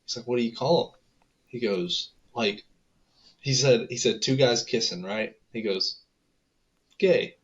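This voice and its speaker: A man's voice: medium pitch, moderate pace, fairly bright tone. A young man in casual podcast chat, telling stories in a laid-back way with lots of fillers. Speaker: podcast co-host. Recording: dull lo-fi mic.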